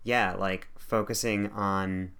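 Male co-host, low voice, easygoing and supportive, lots of fillers. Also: steady tone, slow, fairly bright tone, clean tone. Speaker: podcast co-host. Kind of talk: casual chat.

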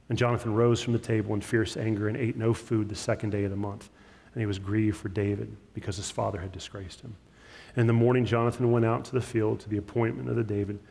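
A man preaching a sermon as a pastor, his delivery swinging between loud emphatic stresses and hushed, drawn-out words. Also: on the low side, creaky. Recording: long hall reverb.

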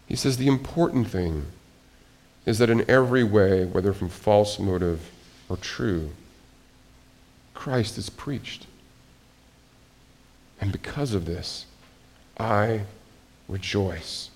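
Animated male preacher with hushed asides. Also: lowish voice, slow pace, pauses often. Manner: animated, swings from hushed asides to loud exclamations, self-interrupting restarts. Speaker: pastor. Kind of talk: sermon.

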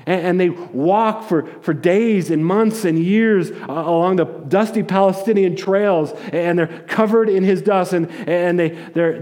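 A man preaching a sermon, retelling a story in a casual, animated way with jokes and acted-out quotes. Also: high-pitched. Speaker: pastor.

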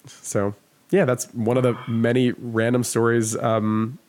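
A man's voice: mid-range voice, flat delivery, measured pace, a little mellow. A man guesting on a podcast, telling a long casual story full of "like" fillers and the odd swear word.

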